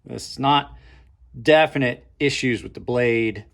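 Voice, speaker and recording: This channel host reviews knives in a casual unboxing vlog, speaking a little slowly in a medium-pitched, creaky, slightly bright voice. Addressing viewers as he opens packages, he thinks aloud, leaves sentences hanging, and adds dry sarcastic asides.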